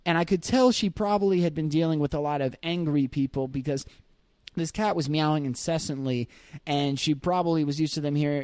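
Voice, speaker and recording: A man's voice: fairly high pitch, normal speed, darkish tone, no echo. A man hosting his own podcast, telling a candid personal story in a conversational, reflective way with light laughs. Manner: conversational, acts out his own thoughts in quoted voices. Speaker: podcast host.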